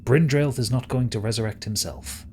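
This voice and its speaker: A man's voice: medium pitch, normal speed, darkish tone, slight background noise, close to an everyday voice. A British man voicing a smug, sneering male villain who schemes and gloats. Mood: gloating.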